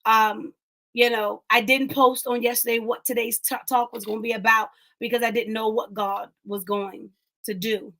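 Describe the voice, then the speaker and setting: A slightly high, somewhat bright female voice moves at normal speed with little pitch movement. She's leading an online motivational talk like a sermon, emphatic and repetitive, speaking to her live audience.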